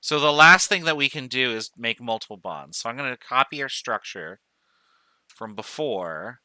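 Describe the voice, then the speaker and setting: In a recorded lecture, a male chemistry professor speaks at a moderate pace with lively intonation, his medium-pitched voice very bright, crisp and smooth. He explains every step aloud, counting items and revising himself mid-stream. The sound is close and dry, free of room sound.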